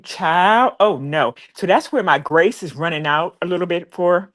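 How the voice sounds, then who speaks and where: An emotional, emphatic woman talking casually on a live stream. Her voice sits low and swoops up and down a lot as she presses her points. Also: animated, moderate pace. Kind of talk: casual chat.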